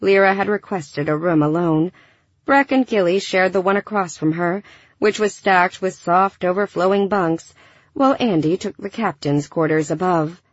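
Low-voiced woman narrating an audiobook. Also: normal speed, no room sound. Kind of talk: scripted narration. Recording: dull dry studio recording.

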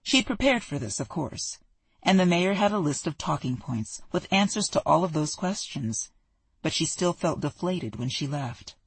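An audiobook narrator tells a romance story in an even, storytelling manner. The voice is soft and husky at a middle pitch. The recording is dry and close. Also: normal speed, dry recording. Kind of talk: scripted narration.

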